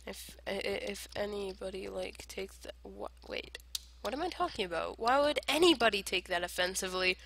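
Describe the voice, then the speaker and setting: A woman giving casual gameplay commentary, rambling in silly self-talk and arguing with herself, swinging between whispered asides and loud outbursts. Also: mid-range voice, animated, normal speed, gravelly. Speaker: gamer playing online survival matches. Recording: noisy home recording with clicks.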